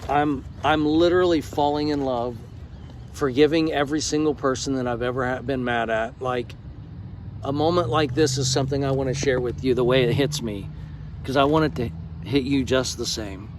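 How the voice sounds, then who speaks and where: A man's voice: mid-range voice, fairly even intonation, normal speed, noisy background. A middle-aged American man vlogging in a casual, emphatic and effusive way, swearing freely as he talks. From United States. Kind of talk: casual vlog talk.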